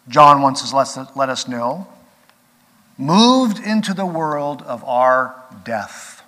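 A man preaching a sermon as pastor, earnest, rising to emphatic peaks and then dropping quiet. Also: medium pitch, big pitch swings, slow. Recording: long reverb of a large hall.

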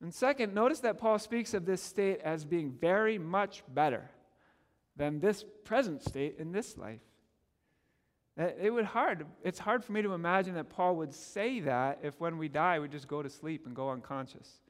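A pastor preaches a sermon in an earnest, animated way, often stammering on repeated words as he drives a point home. His voice is on the high side and his pace moderate, heard in a big-room acoustic.

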